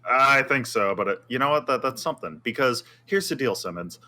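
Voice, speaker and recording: Bright-voiced wry male podcaster. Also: mid-range voice, lively intonation, brisk. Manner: wry, joking, opinionated. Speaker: podcast co-host. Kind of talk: casual chat.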